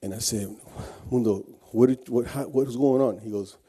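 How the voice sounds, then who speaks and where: Mellow-voiced man recounting a true ordeal. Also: medium pitch, normal speed, slightly rough. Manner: earnest storytelling with frequent restarts. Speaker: guest speaker. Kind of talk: personal testimony speech.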